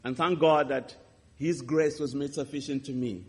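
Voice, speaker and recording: A man preaching a sermon, telling a testimony with impassioned swings between loud and hushed delivery. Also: medium pitch, steady tone, moderate pace, slightly rough. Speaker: pastor. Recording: reverberant hall.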